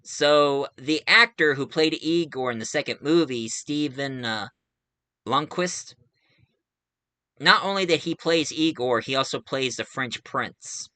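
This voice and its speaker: A man talks through a film review in a loose, rambling way, often pausing on filler sounds. His voice is bright and crisp, and the recording is dry and close. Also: mid-range voice, no room sound. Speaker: movie reviewer. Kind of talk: casual spoken film review.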